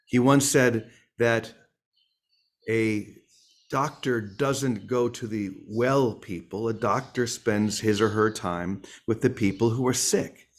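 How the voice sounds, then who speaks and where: A man's voice: lowish voice, slow. A man leading a morning spiritual session in a playful, humorous way, calling on listeners by name. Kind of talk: informal sermon.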